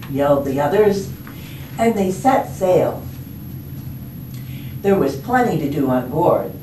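Librarian reading storytime, unhurried and lively, echoey library room, far from the mic. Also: female voice, lowish voice, a little hiss or hum. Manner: expressive, slow storytelling. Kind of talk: storybook read-aloud. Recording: roomy, distant, faint ambience.

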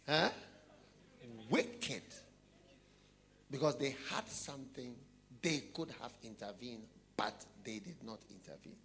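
A man preaches a sermon, telling a story and asking his listeners questions, frequently sinking into a low, quiet voice. He is expressive and unhurried, pausing often.

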